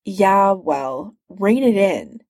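A woman voicing a cocky, cheerful male hero in a storybook reading, teasing and relaxed. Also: mid-range voice, very slow, dry recording, studio quality, heavily acted. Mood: breezy.

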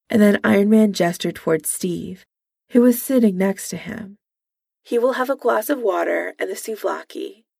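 Gravelly woman reading a story. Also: on the low side, darkish tone, no room sound, studio quality. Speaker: narrator. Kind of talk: audiobook reading of fan fiction.

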